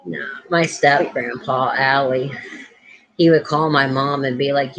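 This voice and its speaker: Speaking a little slowly in a rumbling low register, this female host tells family stories in a relaxed chat, animatedly acting out each quoted voice. The recording quality is low.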